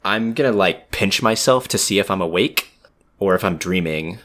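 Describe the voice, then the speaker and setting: Deep-voiced male co-host and player, thoughtful and halting as he tells his character's story. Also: fairly bright tone. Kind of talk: casual tabletop game play.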